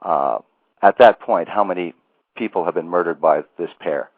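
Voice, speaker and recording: A man's voice: low voice, normal speed, no room sound. A man hosting an interview, asking long questions with restarts. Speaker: interview host. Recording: tinny phone line.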